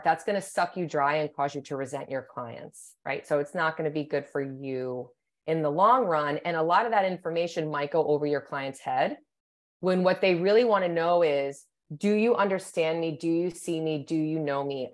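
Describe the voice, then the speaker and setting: A middle-aged woman speaks as a psychologist guest on a podcast, her voice sitting on the lower side. She explains at length in a measured, thoughtful way, often checking in with her listener. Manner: thoughtful, explanatory, many "you know" and "right?". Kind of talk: podcast interview.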